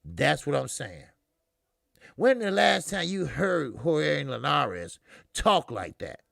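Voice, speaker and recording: A man's voice: fairly high pitch, very animated, slow, vocal fry, fairly bright tone, no echo, clean studio sound. A middle-aged man hosting a casual boxing live stream, talking loosely with lots of swearing and fillers, answering viewers in the chat.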